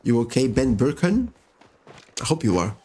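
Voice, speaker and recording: A man's voice: medium pitch, very animated, moderate pace, warm tone, a little hiss or hum. A man giving chatty commentary as he plays a video game and talks to its characters. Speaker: let's-play host. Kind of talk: gameplay commentary. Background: faint game music.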